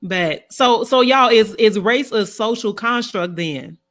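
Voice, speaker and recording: A woman's voice: fairly high pitch, slow, a bit bright. A woman co-hosting a casual panel, asking questions in a teasing, joking way. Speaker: co-host.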